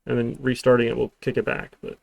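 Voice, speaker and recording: Man, programming instructor, classroom lecture, sarcastic asides, gravelly voice, dry close sound. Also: medium pitch, monotone, quick pace, dry recording. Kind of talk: live-streamed classroom lecture.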